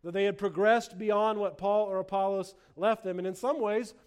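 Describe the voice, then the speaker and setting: A man's voice: high-pitched, steady tone, moderate pace, darkish tone, clean tone. A man preaching a sermon as a pastor, earnest, restarting phrases with repeated words and acting out sarcastic quotes.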